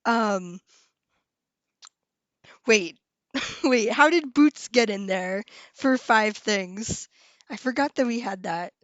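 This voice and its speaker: A young adult woman hosting a casual live stream. She talks with viewers in a bubbly, excitable way, often trailing off, starting over and laughing. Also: fairly high pitch, no room sound. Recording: dull lo-fi sound, dry room.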